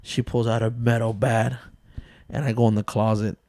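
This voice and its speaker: A man's voice: medium pitch, flat delivery, normal speed, darkish tone, no room sound. A man in his thirties co-hosting a casual podcast, telling stories with loose jokes, swearing and frequent laughs. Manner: loose, joking, swears a lot, laughs often. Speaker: podcast co-host.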